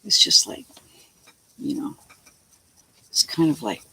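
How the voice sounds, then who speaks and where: A woman's voice: lowish voice, very animated, slow pace, pauses often, bright, forceful tone, husky, rough recording. A woman vlogging from her home, rambling in a blunt, chatty way and swearing freely as she jumps between topics. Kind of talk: rambling casual home vlog. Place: at home, talking to the camera.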